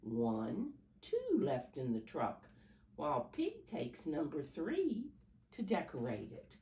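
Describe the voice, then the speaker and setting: Low-voiced older woman reading to preschoolers. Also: wildly swooping pitch, slow pace, mellow. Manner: coaxing teacher-like, counting along and asking questions. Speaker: storyteller for preschoolers. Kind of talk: reading picture books aloud to children. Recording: roomy echo, mic at a distance, faint background hum.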